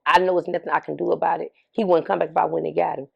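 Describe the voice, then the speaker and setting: A woman's voice: low voice, flat delivery, very fast, creaky, husky, highs cut off. A middle-aged woman talking candidly as an interview guest, emphatic, often repeating herself and asking rhetorical questions. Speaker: interview guest, bereaved mother.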